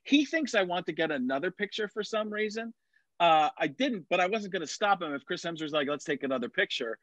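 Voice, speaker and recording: A man's voice: high voice, lively intonation, a little fast, fairly bright tone, no room sound. A middle-aged man telling a long story in casual chat, with many restarts and fillers. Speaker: podcast guest. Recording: dull, lo-fi sound.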